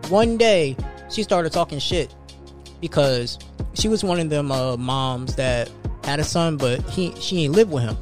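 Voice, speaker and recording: A male podcast host telling a story in casual chat, animated and laughing, acting out the quotes. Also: on the high side, unhurried, soft background music.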